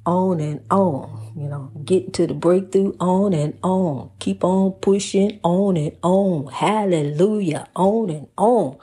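A woman's voice: lowish voice, breathy edge. Woman preaching love, calling you honey. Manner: rhythmic, repeats phrases, calls listener honey; lively, swings between loud and soft. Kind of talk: preachy casual monologue.

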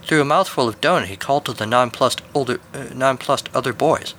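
A man's voice: mid-range voice, a little fast, fairly bright tone, a little hiss or hum. A man hosting a podcast, reading a scripted spooky story and outro with a dry, wry delivery.

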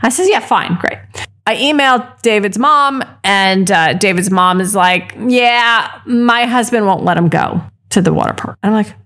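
A woman in her thirties co-hosting a podcast, telling a story in a heated, animated way and acting out the other people's words. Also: mid-range voice, moderate pace. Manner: ranting, animated storytelling with quoted voices. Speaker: podcast co-host. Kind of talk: casual chat.

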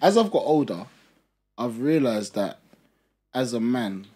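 A young man, co-hosting a casual podcast chat, animated and often laughing. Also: mid-range voice, unhurried. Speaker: podcast co-host.

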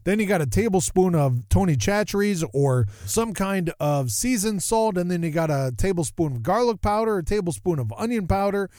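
A man hosting his podcast in a casual monologue, rambling and animated, often interrupting himself. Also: high-pitched, moderate pace, few pauses, dry recording, clean studio sound. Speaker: podcast host.

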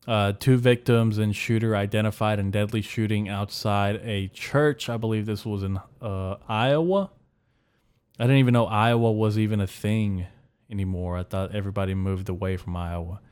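Smooth low-voiced man hosting solo. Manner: crude, rambling, deadpan dark jokes. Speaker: podcast host. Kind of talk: solo comedic podcast monologue.

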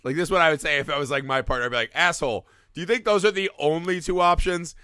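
A podcast co-host reviews a movie in casual comedic chat, swearing often and animatedly acting out the characters' lines. His voice is a little high and he talks fast, with clean studio sound and no echo.

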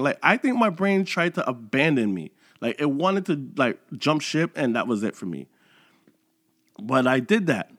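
A man's voice: mid-range voice, normal speed, no room sound, studio quality. A man in his thirties hosting a motivational podcast, talking casually and acting out his own inner voice. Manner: animated, conversational, dramatizes his inner voice. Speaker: podcast host. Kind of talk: motivational monologue.

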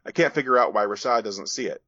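A man voicing a bold, restless young woman who pilots a robot, with a quick, teasing delivery. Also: fairly low pitch, pushed and bright, dry recording. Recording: dull, dry sound.

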